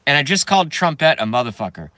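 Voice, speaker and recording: A man's voice: on the high side, sing-song, quick pace, sharp tone, no room sound. A man ranting on a live stream to his chat, profane and rambling, breaking into nervous giggles. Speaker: YouTube streamer.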